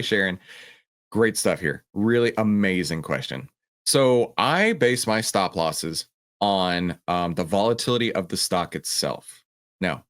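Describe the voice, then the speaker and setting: A man with a low, animated voice hosts a livestream Q&A about stock trading, answering viewer questions. He speaks passionately and at one point mimics a panicking trader.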